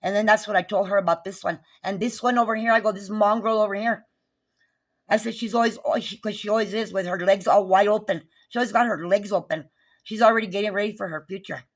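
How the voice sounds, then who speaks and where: A woman's voice: medium pitch, fairly even intonation, fast talker. A woman, recounting a neighbor dispute in an agitated, profane, repetitive rant. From New Mexico. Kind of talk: angry recounting vlog.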